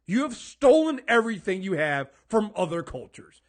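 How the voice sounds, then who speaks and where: A podcast co-host with a high-sitting voice rants in casual chat, his pitch swinging widely at a moderate pace. He's emphatic and swears, often tripping over repeated words during the heated conversation.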